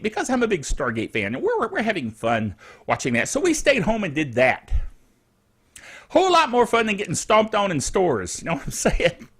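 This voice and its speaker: A middle-aged man talks through the week's tech news in a loose, rambling way, chuckling at his own asides. His voice sits high and swings up and down a lot. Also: fairly bright tone, breathy edge. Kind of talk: casual tech news chat.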